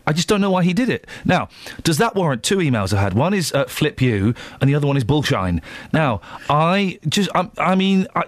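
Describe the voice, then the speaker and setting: A man's voice: a little high, fast talker, hardly any pauses, no room sound. A man hosting a radio show in a casual, bantering manner, often stammering and restarting. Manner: lively, stammering, self-deprecating banter. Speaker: radio host. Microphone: studio microphone.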